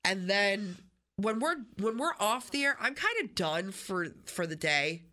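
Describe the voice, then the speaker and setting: A woman hosting a radio show in a studio, telling stories in an animated, chatty way with many restarts. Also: medium pitch, measured pace. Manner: animated storytelling, frequent restarts. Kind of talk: casual on-air chat.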